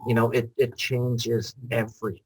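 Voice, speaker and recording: A man's voice: mid-range voice, moderate pace, breathy edge, no echo, low-quality recording. A man hosting a casual interview, speaking easily with plenty of fillers. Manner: relaxed, many "you know" fillers. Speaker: host.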